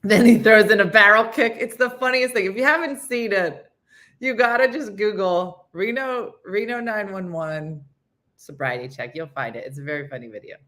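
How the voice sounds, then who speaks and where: A woman's voice: mid-range voice, normal speed, fairly bright tone. A woman hosting a casual morning chat show, rambling through stories, laughing at them and losing her train of thought.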